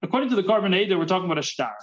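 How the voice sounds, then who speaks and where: Male rabbi teaching a Talmud class; high-pitched voice, slightly muffled recording. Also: animated, very fast. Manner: mixes Hebrew-Yiddish terms into English, repeats words while thinking.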